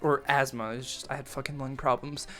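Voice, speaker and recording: A man's voice: mid-range voice, level tone, brisk, bright, forceful tone, faint music behind. A young man telling a rambling, profane story from his teens in a casual storytime vlog, full of fillers and restarts. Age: young adult. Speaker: storytime vlogger.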